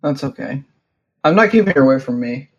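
A man's voice: mid-range voice, lively intonation, brisk, dull audio. A man from the United States, co-hosting a casual podcast chat, full of teasing jokes and asides. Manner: jokey, teasing. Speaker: podcast co-host.

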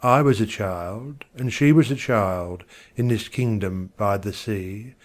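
A man's voice: fairly low pitch, slow pace. A man giving a dramatic poetry recitation, theatrical and swelling on repeated words. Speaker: poetry reader.

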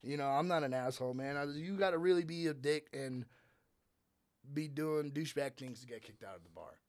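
A man's voice: on the high side, fairly quick, no echo. A man working as bar security, telling a story in casual profane chat and acting out the quoted lines.

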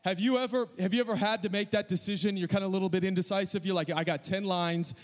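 A middle-aged male pastor preaching a sermon, telling a story with self-deprecating humor and quick asides. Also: high-pitched, fairly even intonation, darkish tone, long reverb tail.

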